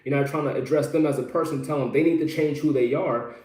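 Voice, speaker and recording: A man's voice: fairly high pitch, fairly even intonation, fast talker, a little mellow, reverberant. A man giving relationship advice as a coach in an earnest, explanatory live-stream talk, often repeating his phrases.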